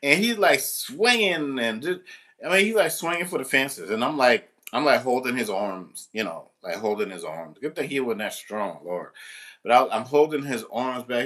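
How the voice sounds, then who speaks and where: A man's voice: mid-range voice, expressive, moderate pace, bright, forceful tone. A man working as a substitute teacher tells a story casually to the camera, rambling, restarting, and swearing freely.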